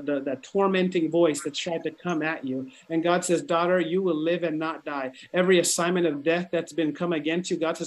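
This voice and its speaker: A man's voice: fairly high pitch, steady tone, normal speed. A man giving fervent prophetic words at a church service, repeating phrases and building in intensity. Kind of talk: prophetic ministry over a congregation.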